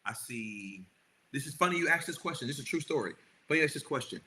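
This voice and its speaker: Earnest, rambling man with a bright voice. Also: medium pitch, animated, quick pace, a little hiss or hum, poor audio. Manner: earnest, rambling with many restarts. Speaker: podcast co-host. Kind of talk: casual chat with his wife.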